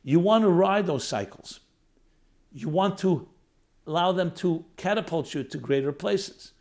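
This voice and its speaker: A man's voice: high voice, animated, a little slow, darkish tone. A man giving a reflective spiritual talk as a rabbi, building his points in strings of short phrases that rise and fall in emphasis. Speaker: rabbi, lecturer.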